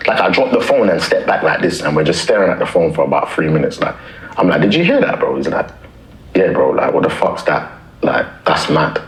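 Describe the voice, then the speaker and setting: A man's voice: extremely low pitch, brisk, creaky, reverberant, poor audio. A man, a rapper telling a story in casual, slangy talk. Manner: animated, slangy anecdote-telling. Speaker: rapper guest.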